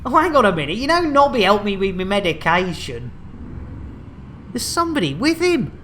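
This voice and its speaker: A woman's voice: medium pitch, sing-song, moderate pace, fairly bright tone, slight background noise. A woman giving playful, exclamatory live commentary as she streams a game.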